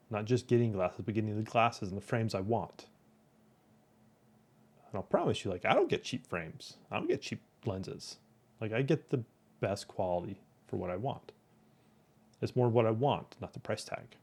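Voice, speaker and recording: Brief: male host, rambling casual storyteller, mid-pitched voice, lots of "right?" tags. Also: darkish tone. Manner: rambling, keeps asking "right?".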